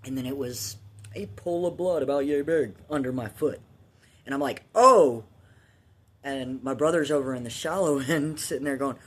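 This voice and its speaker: A man's voice: medium pitch, moderate pace, a little mellow. Man telling a rambling personal story. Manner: rambling, profane, laughs at his own story.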